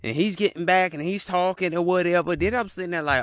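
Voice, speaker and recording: A man's voice: high-pitched, fast, few pauses, a bit bright, no echo, clean studio sound. A man giving a heated, profane reaction rant, repeating his punchlines. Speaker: commentator reacting to a video.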